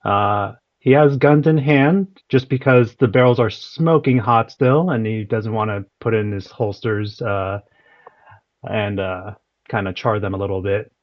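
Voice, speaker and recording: A man's voice: on the low side, measured pace. A man describing his role-play character in a hesitant way with many fillers. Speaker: player. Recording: dull online call audio.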